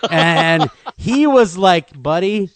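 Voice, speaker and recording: A man co-hosting a talk radio show, telling a comedic, self-deprecating story in an animated way. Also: fairly high pitch, normal speed, dry recording.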